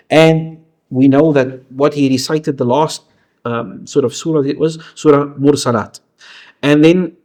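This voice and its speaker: Earnest higher-voiced male lecturer. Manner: earnest, frequent restarts and fillers. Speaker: Islamic teacher. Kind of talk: lecture storytelling.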